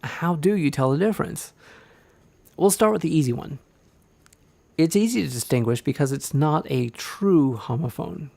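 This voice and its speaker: Male narrator for a grammar lesson, gravelly, dry close sound, deliberate delivery. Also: medium pitch, mellow, no echo. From Indiana. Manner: clear, deliberate, explains with examples. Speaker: writing instructor.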